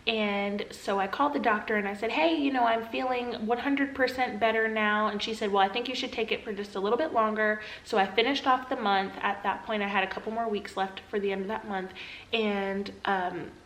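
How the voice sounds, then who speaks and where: Young woman, vlogger, confessional storytelling, mid pitch, echoey room. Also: steady tone, fairly quick, fairly bright tone. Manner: earnest, confessional, acts out her past self in a higher pleading voice. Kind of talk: personal storytelling to camera.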